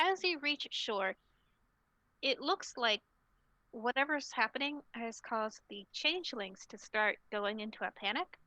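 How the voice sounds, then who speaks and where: A woman running a tabletop game as storyteller, narrating haltingly with many fillers. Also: a little high, sharp tone, no room sound, poor audio.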